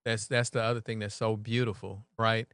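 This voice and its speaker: A man serving as mayor, talking relaxed in an interview and often checking in with "right?". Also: on the low side, moderate pace, clean tone, dry recording, clean studio sound. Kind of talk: conversational interview.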